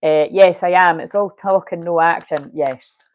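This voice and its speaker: A woman reads tarot cards on a casual livestream, talking to her viewers in a chatty, unfiltered way with plenty of swearing and laughter. Her voice sits on the low side. The sound is dry, with no room echo. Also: fairly even intonation, unhurried. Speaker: tarot reader.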